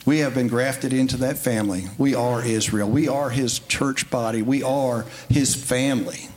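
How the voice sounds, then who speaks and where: A man preaching a folksy, conversational sermon in a church, building to emphatic high points. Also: steady tone, normal speed, a little mellow. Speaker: lay preacher. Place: church sanctuary. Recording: faint background noise.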